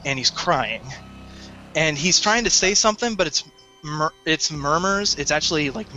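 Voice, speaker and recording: A man runs a tabletop game, describing scenes with a bright, forceful tone. His voice sits a little high, and he halts now and then to find words. Faint music plays behind him. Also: dull audio. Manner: descriptive, halting with fillers. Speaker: game master.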